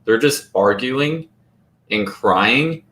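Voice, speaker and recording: A man hosting a podcast, chatting casually and telling stories in an animated way. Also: mid-range voice, very slow. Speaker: podcast host. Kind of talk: casual chat. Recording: echoey room.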